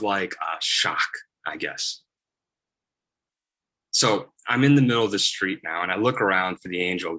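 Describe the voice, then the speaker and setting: Male preacher, low voice with a bright edge, telling a sermon story in the first person, loose and filler-heavy. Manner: casual storytelling with many fillers.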